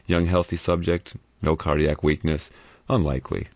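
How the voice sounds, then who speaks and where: A man voicing a cautious middle-aged doctor in an audiobook, measured and doubtful. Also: very deep voice, flat delivery, dry recording, highs cut off.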